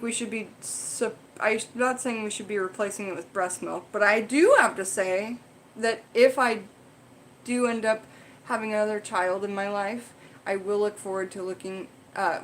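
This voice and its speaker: A woman's voice: medium pitch, normal speed, slight background noise, poor audio. A young adult woman hosting a casual livestream, chatting frankly in a rambling way and swearing now and then. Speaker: livestream host.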